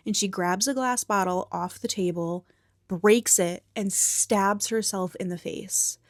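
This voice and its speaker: A young woman gives a soft-spoken ASMR film recap, sliding between a quiet voice and breathy whispers. Her commentary is casual and frank, with a bit of swearing. The sound is close and dry, with no room around it. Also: mid-range voice, steady tone, takes it slowly, no echo. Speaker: movie recap host.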